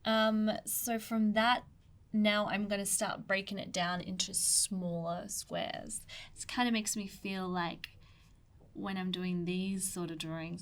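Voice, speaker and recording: A young Australian woman walks through an ink drawing step by step. Her voice sits at a middling pitch, and her talk wanders through fillers, jokes at her own expense and side stories, often softening to a near murmur as she focuses on the page. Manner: rambling, chatty, self-deprecating with asides and fillers. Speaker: artist demonstrating a drawing. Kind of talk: casual drawing tutorial.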